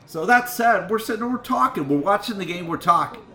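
Animated, swearing middle-aged man host. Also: high-pitched, brisk, echoey room. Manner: animated, swearing, laughing, indignant. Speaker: radio show host. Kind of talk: profane storytelling rant.

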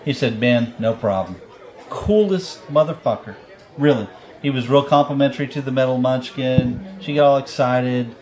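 Podcast host, man, casual rambling storyteller, swears freely, mid pitch. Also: moderate pace, darkish tone. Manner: rambling, profane, laughs often.

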